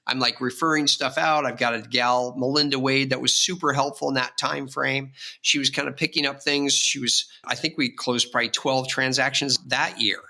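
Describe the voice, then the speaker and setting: A man's voice: mid-range voice, pushed and bright. A man, a real estate agent guest on an interview podcast, telling rambling, vivid personal stories with frequent restarts. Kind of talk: casual storytelling interview.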